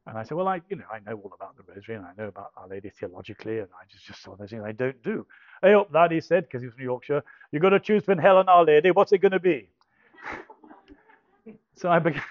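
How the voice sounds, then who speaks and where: A man's voice: mid-range voice, no echo. An older man tells a personal story, hesitant and self-deprecating, with frequent restarts and dry humour. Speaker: speaker giving a personal testimony. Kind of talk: storytelling talk. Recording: dull dry recording.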